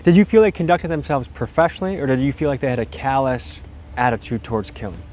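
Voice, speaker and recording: A man's voice: mid-range voice, quick pace, darkish tone. A man interviewing guests for a documentary, asking probing, direct questions.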